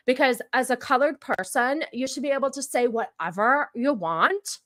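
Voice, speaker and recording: A woman hosting a live stream, mocking the clips she plays and ranting with heavy sarcasm. Her voice sits a touch high, and the sound is dry with no room around it. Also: fairly bright tone, no echo. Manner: mocking, quick to laugh. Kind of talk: casual live-stream commentary.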